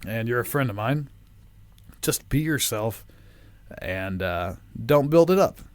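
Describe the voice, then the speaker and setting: Animated rambling male podcast host. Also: medium pitch, a little slow, dry recording. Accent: Midwestern American. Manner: rambling, swearing, animated storytelling. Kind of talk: casual chat.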